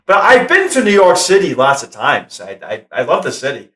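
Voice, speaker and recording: A man's voice: fairly high pitch, wildly swooping pitch, normal speed, a bit bright. Rhode Island man rambling in roomy echo. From Rhode Island, USA. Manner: rambling, repeats himself, laughs often. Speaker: actor guest. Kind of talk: casual interview chat.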